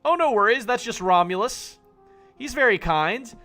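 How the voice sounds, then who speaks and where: Chatty dwarf miner guy, jolly and braggy, high and bouncy, streamer putting it on. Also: animated, normal speed, bright, forceful tone, faint music behind, heavily acted. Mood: jovial. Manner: jovial, boastful.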